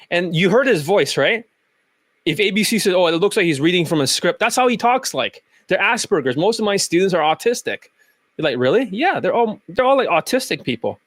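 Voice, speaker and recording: High-voiced guy cussing out his critics, angry ranting commentary. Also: fairly bright tone, dry recording. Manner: profane, ranting, combative. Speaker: dating coach. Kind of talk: angry commentary over clips.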